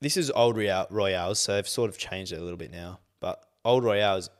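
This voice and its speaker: A young Australian man co-hosting a podcast, chatting casually, swearing a lot and getting loud when worked up. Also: deep voice, a little fast. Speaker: podcast co-host. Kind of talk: casual chat.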